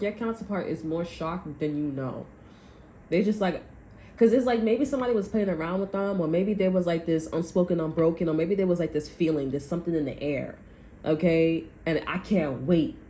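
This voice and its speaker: Woman tarot reader, low mellow voice, blunt and profane, echoey room with faint hiss. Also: moderate pace. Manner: blunt and profane, acts out people's quotes. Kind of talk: casual tarot reading monologue.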